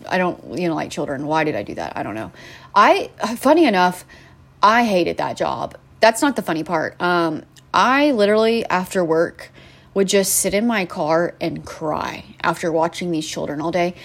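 A woman's voice: on the low side, very animated, normal speed, creaky. A young woman talks into her own podcast mic in a loose, rambling monologue about bad customers. She swears constantly, trails off into fillers, and turns sarcastic when she gets worked up. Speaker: podcast host. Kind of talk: casual venting monologue.

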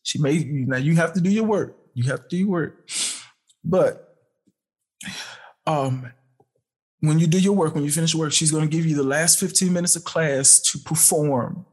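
A tearful man speaking to his younger self in a halting, heartfelt personal address, with sighs and pauses between phrases. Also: fairly high pitch, a little mellow, slightly rough.

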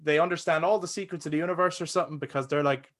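Bright-voiced man chatting about films. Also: fairly high pitch, very fast. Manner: laughs often, excitable, swears casually. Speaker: podcast co-host. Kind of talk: casual film chat.

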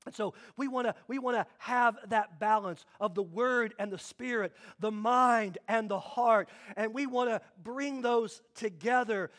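High-voiced energetic male preacher. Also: measured pace, hardly any pauses. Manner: energetic, humorous, repeats phrases for emphasis. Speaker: pastor. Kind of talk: sermon.

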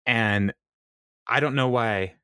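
A man's voice: medium pitch, slow pace, fairly bright tone, smooth, dry recording, studio quality. A man co-hosting a podcast, recapping a TV episode in casual chat and laughing often as he retells scenes. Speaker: podcast co-host.

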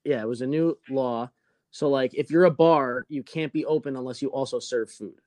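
A man telling a story on a casual podcast, animated and swearing constantly, acting out the people in it. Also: medium pitch, moderate pace, no room sound.

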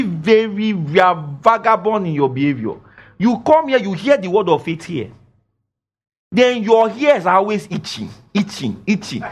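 A man's voice: high voice, a bit bright. A man preaching a sermon, emphatic and scolding, repeating phrases for effect. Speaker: pastor. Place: church.

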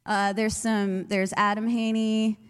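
A woman's voice: mid-range voice, level tone, takes it slowly, smooth. A young woman, a youth leader, telling her faith story in a chatty way with many fillers. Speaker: youth leader giving testimony. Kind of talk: personal testimony talk. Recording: long hall reverb.

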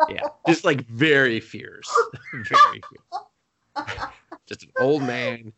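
A man co-hosting a podcast in casual chat, jokey and animated, swearing freely. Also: mid-range voice, slow pace, very noisy. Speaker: podcast co-host.

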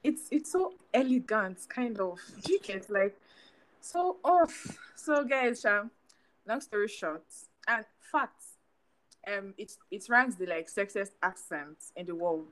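A young adult woman from Nigeria with a Nigerian accent, co-hosting a casual chat podcast and talking in an animated way, full of fillers. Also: medium pitch, a little slow, rough recording. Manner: animated, chatty, lots of fillers. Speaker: podcast co-host.

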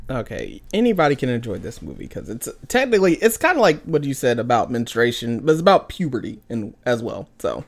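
A young woman co-hosting a casual movie review chat, giggling often and acting out quotes in high voices. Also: very animated, brisk, hardly any pauses. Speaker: co-host.

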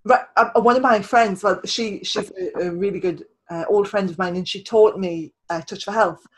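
A woman's voice: medium pitch, normal speed, low-quality recording. A woman writer hosting a casual interview, talking in a chatty way with many restarts and repeated words. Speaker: podcast host and writer.

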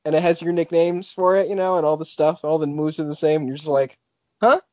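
A man's voice: fairly high pitch, level tone, quick pace, mellow, no echo. Rambling young man on a podcast. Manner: rambling, full of "like" and restarts. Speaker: podcast co-host. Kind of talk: casual chat. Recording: dull lo-fi podcast audio.

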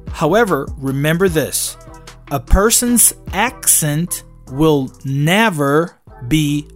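A male English teacher gives a slow, deliberate online lesson, leaning on each point with emphasis. He throws rhetorical questions at his viewers and speaks in a fairly high voice, with faint music playing behind him.

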